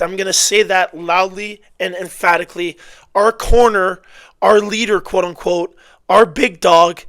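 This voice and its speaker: Male film-breakdown host, high-pitched, blunt and exasperated, dry close mic. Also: no room sound. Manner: blunt, animated, exasperated outbursts with self-corrections. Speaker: football film analyst. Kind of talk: casual film breakdown commentary.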